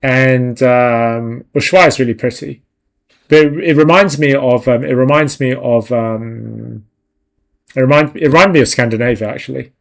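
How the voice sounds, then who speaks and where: A man's voice: medium pitch, moderate pace, vocal fry. A young man hosting a livestream, chatting casually with viewers in a rambling way and laughing often. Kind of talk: casual chat.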